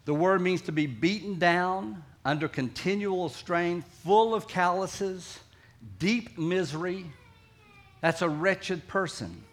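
A middle-aged man with a Southern American accent preaching a sermon earnestly, swinging between emphatic lines and soft, quiet ones. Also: high voice, takes it slowly. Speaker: pastor.

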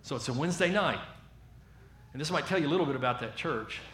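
A man with a Southern American accent preaching a sermon as a lively storyteller, acting out the voices of the people in his story. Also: on the high side, quick pace, echoey room.

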